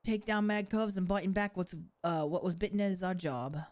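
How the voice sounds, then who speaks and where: A woman voicing a gruff male pirate with a put-on rough accent, reading game lines aloud. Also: mid-range voice, moderate pace, darkish tone, voice pushed down, lightly acted.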